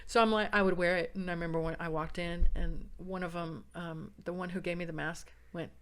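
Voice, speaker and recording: A woman from San Diego, a podcast guest, telling stories in a lively casual chat. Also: lowish voice, brisk. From San Diego, California. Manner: animated, acts out other people's lines in the stories.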